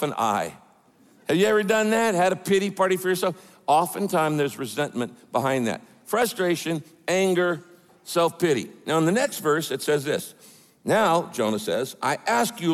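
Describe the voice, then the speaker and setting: A man preaching with a lively, swooping delivery, his voice leaning slightly high for a man. He punches his points with emphatic quoted asides. A long reverb trails him through a large hall. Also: moderate pace. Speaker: pastor. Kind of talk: sermon.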